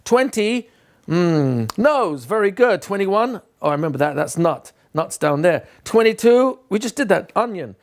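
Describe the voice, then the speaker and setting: A man's voice: sits high, very animated, a little slow. A man giving a recorded lesson to teachers, quizzing himself aloud and answering in a playful way. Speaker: teacher trainer.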